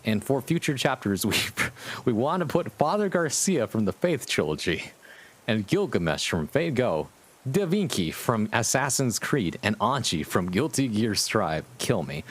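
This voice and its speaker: A man hosting a casual live stream as a VTuber, with a somewhat low voice. He talks to his viewers in an amused, rambling way and swears freely.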